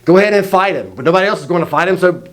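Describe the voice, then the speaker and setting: A man's voice: high-pitched, lively intonation, racing, a bit bright. A man voicing a doubtful king who speaks bluntly and casually. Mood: exasperated.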